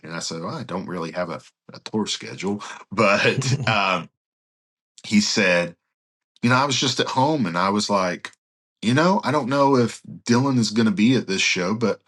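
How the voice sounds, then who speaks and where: A male pastor guest on a podcast, telling anecdotes and acting out the dialogue of the people in them. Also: fairly low pitch. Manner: animated anecdote-telling, acts out quoted dialogue. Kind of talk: storytelling in a podcast interview.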